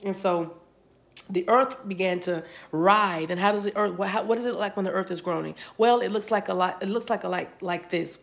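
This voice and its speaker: A woman's voice: medium pitch, a little fast, gravelly. A woman giving a rambling, channeled spiritual reading, often repeating words as they come to her. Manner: rambling, repeats words as she receives them. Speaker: spiritual reader. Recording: spiritual reading recorded for a video.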